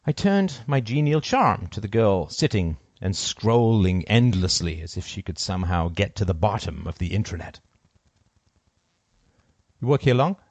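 Cold, deliberate male storyteller. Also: low-pitched, lively intonation, no echo. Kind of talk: first-person story narration.

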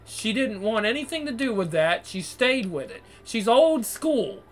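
A man's voice: sits high, very animated, unhurried. Exasperated man ranting and swearing. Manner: crude, repetitive, exasperated, swears constantly. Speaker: vlogger. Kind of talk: profane monologue rant to viewers.

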